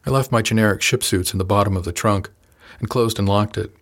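A man with a fairly low voice reads a first-person novel aloud in a measured, calm way. His delivery is scripted and steady. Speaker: audiobook narrator.

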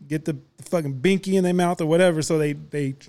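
Man with a higher voice, podcast co-host, emphatic and profane. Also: steady tone, quick pace, warm tone. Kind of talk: casual chat.

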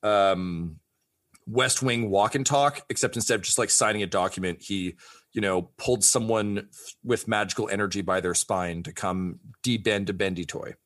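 Low-voiced man narrating a tabletop game. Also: moderate pace, a bit bright. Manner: playful, jokey narration. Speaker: game master.

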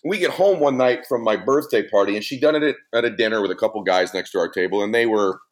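A man's voice: fairly low pitch, quick pace. A middle-aged man, a podcast guest, telling a funny story in conversation and laughing as he mimics voices.

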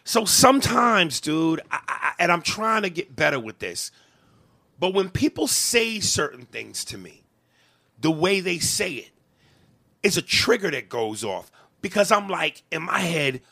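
Gravelly, bright-voiced man venting. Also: fairly high pitch, big pitch swings, measured pace, dry recording. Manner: impassioned, profane venting. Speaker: comedian and podcast host. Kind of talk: heated podcast conversation.

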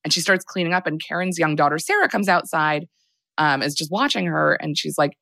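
Casual podcast host, young woman, low and dry, rambles through a film recap with lots of fillers. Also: animated, a little fast, vocal fry, bright, forceful tone, dry recording.

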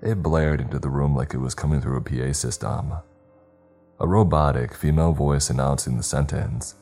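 Guy with a super deep dark voice reading a horror story, steady and measured. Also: soft background music. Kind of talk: scripted horror narration.

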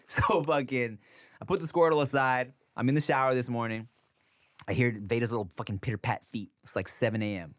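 A man in his thirties, a podcast co-host, telling animated stories about his toddler in casual chat. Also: a little fast, dry recording, studio quality. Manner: animated storyteller, acts out his toddler in a high voice.

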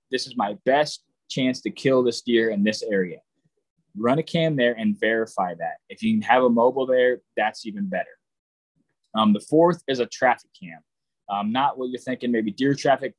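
A man's voice: medium pitch, dry recording, poor audio. A man giving a casual, plain-spoken lesson on deer hunting, with frequent ums and restarts. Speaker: hunting instructor. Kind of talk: casual instructional talk.

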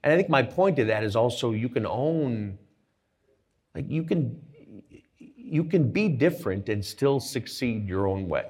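A middle-aged man, a guest entrepreneur on stage, telling animated anecdotes full of quoted dialogue. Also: medium pitch, unhurried, breathy edge. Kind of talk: storytelling on stage.

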